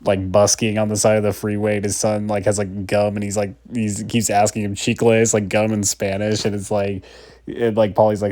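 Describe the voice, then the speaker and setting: Low flat-voiced man rambling a film review. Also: normal speed, no room sound, studio quality. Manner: rambling, many fillers. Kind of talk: casual review talk.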